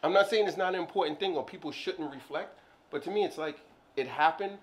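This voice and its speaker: A man talking casually about his business, rambling and playful, with lots of "like, I don't know" and sudden jumps when he jokes. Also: a little fast. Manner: animated, jumps high when joking. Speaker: business owner, co-host. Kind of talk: casual chat.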